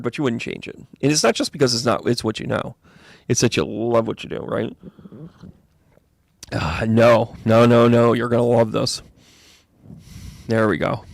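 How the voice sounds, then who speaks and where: Chatty man with a gravelly voice. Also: mid-range voice, no room sound. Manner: chatty, rambling, jokey, bursts of excitement. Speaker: psychic medium reading tarot. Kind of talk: live astrology and tarot reading.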